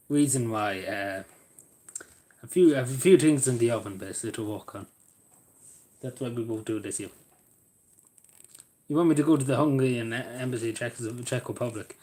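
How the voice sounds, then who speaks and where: A man chatting casually on a live stream, rambling and joking, his voice often trailing off quietly at the ends of sentences. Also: mid-range voice, animated, normal speed.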